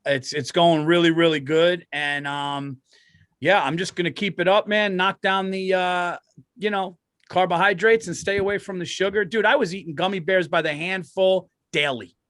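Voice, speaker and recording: Dry-sounding high-voiced man rambling. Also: steady tone, normal speed, a bit bright, dry recording. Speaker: podcast co-host. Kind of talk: casual comedy chat.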